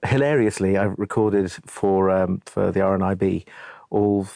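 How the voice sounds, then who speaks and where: A man's voice: sits low, steady tone, a little slow, gravelly, mellow, no room sound. A man who narrates audiobooks, chatting in an interview in a rambling, jokey way with many restarts. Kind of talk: casual interview chat.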